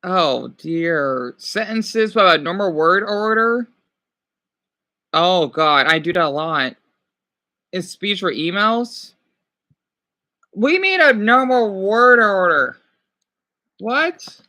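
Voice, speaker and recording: A man's voice: high-pitched, animated, takes it slowly, long pauses, sharp tone. A man streaming casually, reading quiz questions aloud and reacting with exclamations while he talks back to his chat.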